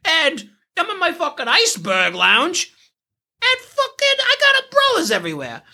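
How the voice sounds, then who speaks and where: A woman doing a loud, cursing Italian-American mobster, pitched way up from her own voice. He drawls every line in an over-the-top gangster swagger. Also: wildly swooping pitch, normal speed, heavily acted. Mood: boastful.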